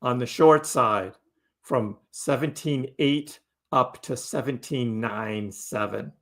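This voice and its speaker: Guy with a kinda gravelly voice chatting on his crypto livestream, reading chat and talking back, mid pitch. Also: slow pace. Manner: chatty, answers chat messages out loud. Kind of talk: casual livestream chat with viewers.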